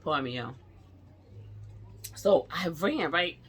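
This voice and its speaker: A middle-aged woman telling a personal story to camera, animated and talking straight to her viewers, acting out the other people's lines. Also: low voice, slow, breathy edge. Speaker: vlogger.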